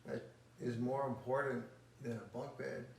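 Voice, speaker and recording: A man's voice: mid-range voice, steady tone, normal speed, creaky. Reflective man telling stories in an echoey room. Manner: reflective, storytelling. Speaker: married guest. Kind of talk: casual interview conversation. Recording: roomy echo, distant mic, faint noise.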